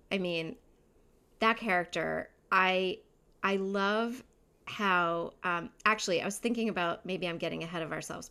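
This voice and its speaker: A woman co-hosting a podcast in casual chat, enthusiastic and quick to laugh. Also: fairly low pitch, sharp tone. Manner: enthusiastic, laughs often, trails off and restarts. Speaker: podcast co-host.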